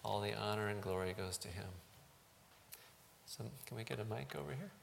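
A man's gravelly, slightly low voice, pastoring a small congregation. He talks in a halting way, filling pauses with ums, then moves into prayer. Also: noisy background. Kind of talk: church service address and prayer.

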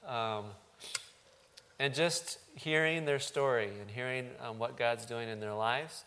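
A man, a pastor, speaking haltingly to his congregation and leading a prayer. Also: mid-range voice, a bit bright. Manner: halting, with frequent ums. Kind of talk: church service address and prayer.

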